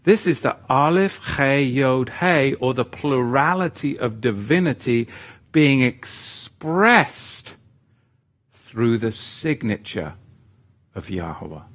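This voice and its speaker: Slow, animated male Bible teacher. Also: medium pitch. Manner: earnest and pleading, repeats key phrases, storytelling asides. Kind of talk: sermon-style teaching.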